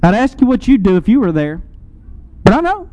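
A man preaching a sermon, building to emphatic swells and easing into slow, quiet pauses. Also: high-pitched, big pitch swings, low-quality recording. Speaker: pastor.

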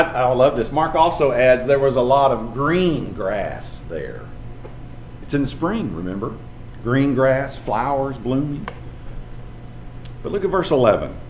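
A man's voice: mid-range voice, roomy sound, a little hiss or hum. A male preacher telling stories in a sermon, acting out the people he quotes. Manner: storytelling, animated, acts out quoted voices.

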